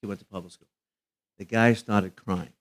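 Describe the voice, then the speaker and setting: Emphatic rabbi telling stories. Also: male voice, steady tone, normal speed, a crowd in the background. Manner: emphatic storyteller, voice dropping low on sad moments. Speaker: rabbi and guest speaker. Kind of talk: live fundraiser broadcast chat.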